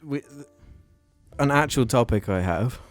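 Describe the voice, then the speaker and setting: Slow-talking man with a cold. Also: medium pitch, animated, soft background music. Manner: giggly, laughs between lines. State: has a cold. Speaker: podcast co-host. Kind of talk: casual comedy podcast chat.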